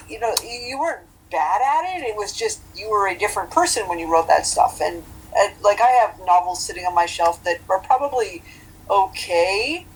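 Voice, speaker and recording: A woman's voice: mid-range voice, slightly rough, low-quality recording. A woman in her forties from British Columbia, a novelist guest in a casual interview, wry and self-deprecating, often laughing at herself. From British Columbia, Canada. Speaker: novelist and webcomic creator, guest.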